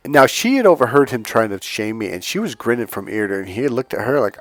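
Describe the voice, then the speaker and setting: A man who coaches on dating and healing, giving an animated, preachy motivational talk and retelling a story. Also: mid-range voice, normal speed, dry recording. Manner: animated, acts out other people's lines in the story; preachy, emphatic. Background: faint music.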